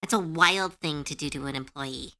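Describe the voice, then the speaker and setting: A woman's voice: deep voice, moderate pace, bright, forceful tone. A woman streamer chatting casually with her viewers, earnest and comforting, with lots of fillers and easy laughter. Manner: laughs easily when unsure.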